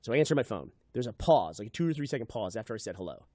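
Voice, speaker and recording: A man's voice: lowish voice, rapid-fire, dry recording, clean studio sound. A man in his thirties hosting a casual podcast, telling a story with lots of swearing and repeated words. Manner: animated, swears freely, repeats words when excited. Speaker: podcast host.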